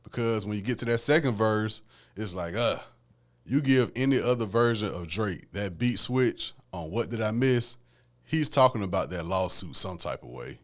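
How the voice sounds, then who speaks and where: This podcast host has a lowish, expressive voice and a moderate pace. Alone on the mic, he offers casual commentary on music, keeping things laid-back and peppering his talk with "man" and "you know what I'm saying."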